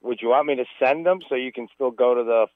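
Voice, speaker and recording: A man's voice: medium pitch, quick pace, no room sound. A man calling in to a radio sports show, joking and needling the host while telling stories. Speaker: radio caller. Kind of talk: casual radio banter. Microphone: telephone. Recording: tinny phone line on radio.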